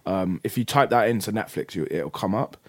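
Young man, casual chat, low voice, lively swearing storyteller. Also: fairly quick, no echo.

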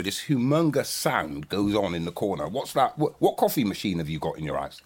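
Animated man telling stories. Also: a little fast, slightly rough. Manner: animated storyteller, mimics people in high voices. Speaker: host. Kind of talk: casual chat.

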